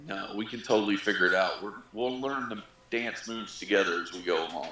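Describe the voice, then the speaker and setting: A man's voice: on the low side, fairly quick, pushed and bright, faint music behind. A man playing his character in a tabletop game, speaking in an earnest, reassuring way. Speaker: player. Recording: roomy, faint noise.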